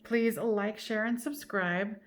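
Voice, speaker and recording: A woman's voice: mid-range voice, steady tone, takes it slowly. A woman giving a casual tarot card reading to camera, chatty and reassuring, often saying "you know" and "like". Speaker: tarot reader.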